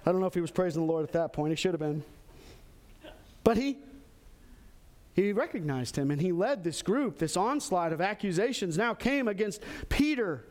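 A pastor preaching a sermon, animated, acting out quoted lines with sudden jumps in pitch. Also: male voice, moderate pace, long pauses. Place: church in Texas.

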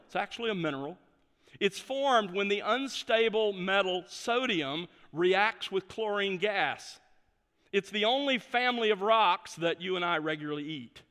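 A man preaching a sermon, measured and emphatic, slowing down to stress key phrases. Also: high voice, fairly bright tone, long reverb tail. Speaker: pastor.

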